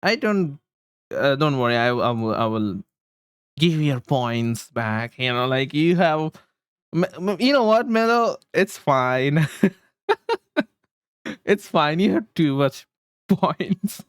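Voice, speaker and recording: A man's voice: on the high side, expressive, slow pace, clean tone, no echo, clean studio sound. A man livestreaming, rambling casually to his chat with frequent chuckles while he fiddles with settings.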